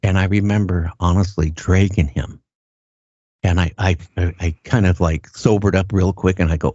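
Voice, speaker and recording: An older man telling his story in a halting, earnest way, often repeating words as he goes. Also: low-pitched, fairly even intonation, darkish tone, dry recording. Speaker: guest recounting an encounter. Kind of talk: casual first-person storytelling. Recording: dull lo-fi sound.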